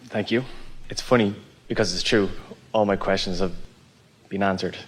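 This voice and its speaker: A man from the audience asking a question, telling his dream in a halting way. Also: sits low, fairly even intonation. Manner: halting, restarts while telling a story. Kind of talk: casual account of a dream.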